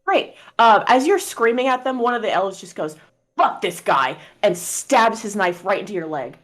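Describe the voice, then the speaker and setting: A woman's voice: medium pitch, expressive, moderate pace. Laid-back woman game master. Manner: casual, laughing, swearing. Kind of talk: narrating a tabletop game.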